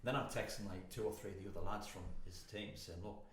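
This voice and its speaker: A man's voice: on the low side, steady tone, fast talker. A man with a British accent telling crude, sweary anecdotes in casual podcast banter, often breaking into laughter. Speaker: podcast co-host. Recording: echoey room, faint noise.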